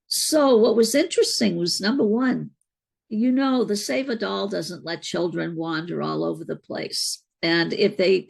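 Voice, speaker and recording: A woman's voice: medium pitch, gravelly, slightly rough. A middle-aged woman, an interview guest, earnestly recounting a personal spiritual experience in a reflective way. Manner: earnest, reflective, unhurried storyteller.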